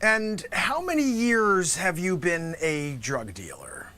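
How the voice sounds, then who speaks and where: A man playing a lawyer in a comic courtroom sketch, theatrical and swinging between loud calls and whispers. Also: sits high, very animated, slow.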